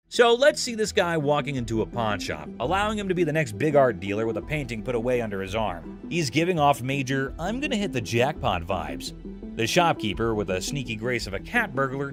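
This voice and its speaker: A man's voice: mid-range voice, sing-song, brisk, music in the background. A man narrating a show recap in a scripted, playful, jokey storytelling manner.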